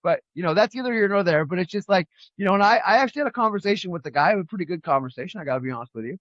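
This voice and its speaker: Racing along in a high, expressive voice with a slightly bright edge, a male podcast co-host from California rambles through casual political talk and stories. He keeps repeating himself and tossing out forceful rhetorical questions. The recording has no echo, and its high frequencies are cut off.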